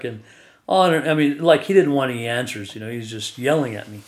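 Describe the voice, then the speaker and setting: A man's voice: mid-range voice, lively intonation, a little fast. A man telling a rambling personal story as an interview guest, often chuckling as he talks. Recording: echoey room.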